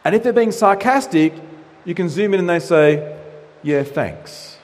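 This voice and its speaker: Male pastor, slightly high-pitched, animated sermon delivery, long hall reverb. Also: normal speed. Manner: animated preaching with acted-out quotes.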